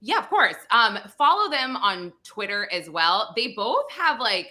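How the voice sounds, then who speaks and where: Very bright chatty woman host. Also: mid-range voice, sing-song, unhurried. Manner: chatty, rambling with fillers. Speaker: podcast host. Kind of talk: casual video-call chat.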